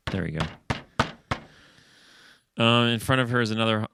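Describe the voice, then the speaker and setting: A man's voice: fairly low pitch, moderate pace, gravelly, background noise. A man co-hosting a comedy podcast, chatting casually and stumbling over his words as he loses his place. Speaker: podcast co-host. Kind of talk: casual comic banter. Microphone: studio podcast mic.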